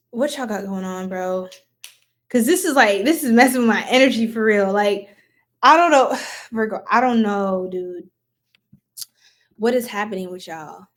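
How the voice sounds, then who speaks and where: A woman giving a live-stream tarot reading, chatty and giggly, casually goofing off and talking straight to her viewers. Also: mid-range voice. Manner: casual, talks to viewers as y'all. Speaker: tarot reader.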